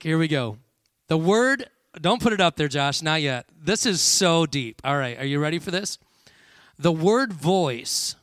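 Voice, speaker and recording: A man's voice: a little high, fairly bright tone, dry recording, clean studio sound. A man preaching a sermon to a congregation, with frequent call-and-response and "all right" checks. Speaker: pastor.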